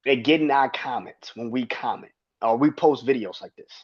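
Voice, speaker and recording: A man's voice: medium pitch, normal speed, breathy edge. A man hosting his own podcast, ranting in a heated, profane and emphatic way. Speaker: podcast host. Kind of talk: solo podcast rant. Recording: dull lo-fi sound.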